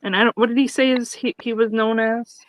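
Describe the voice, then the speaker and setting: A woman co-hosting a casual TV review chat, speaking in a measured, agreeable way. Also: fairly high pitch, steady tone, noisy background. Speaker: podcast co-host.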